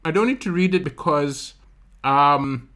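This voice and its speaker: A man from Malawi doing stand-up comedy on a livestream, telling animated stories and using vocal sound effects while he talks to his chat. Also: fairly high pitch, a little slow.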